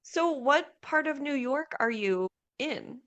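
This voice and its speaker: A woman guest on a farm podcast, speaking in a relaxed, candid and blunt way. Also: high voice, takes it slowly, highs cut off. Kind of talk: casual interview chat.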